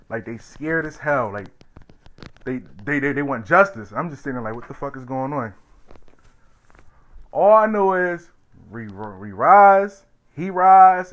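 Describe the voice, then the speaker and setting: A man vlogging a personal story from his life, animated and blunt, swinging from loud bursts to hushed tones and swearing freely. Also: medium pitch, muffled recording.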